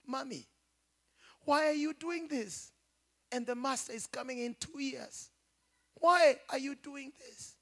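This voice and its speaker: A man's voice: extremely high pitch, takes it slowly, long pauses, a bit bright, voice pushed up, heavily acted. A man doing a pleading five-year-old boy. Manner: pleading, broken voice. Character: well-mannered little boy, about five, pleading.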